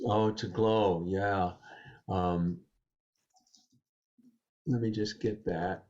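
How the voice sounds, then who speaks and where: Male poet guest, low, unhurried storyteller; muffled recording. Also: steady tone. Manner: gentle, unhurried, reflective. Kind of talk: reflective storytelling and poetry reading.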